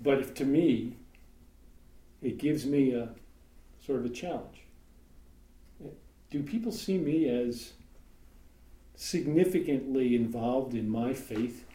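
A congregation teacher gives an informal, conversational sermon in a meeting room, with joking asides and many fillers. He takes it slowly and pauses often, his medium-pitched voice mellow. A room mic for the live stream picks up an echoey space with a faint background hum.

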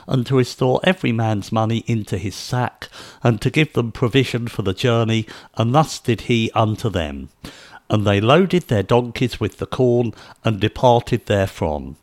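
A man reading scripture aloud in a measured, solemn narration. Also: medium pitch, a little mellow, no room sound, clean studio sound. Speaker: scripture reader.

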